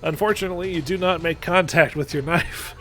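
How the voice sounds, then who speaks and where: A man running a tabletop game as game master over an online call, calmly explaining rules and narrating combat with playful asides. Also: fairly high pitch, brisk, faint music behind.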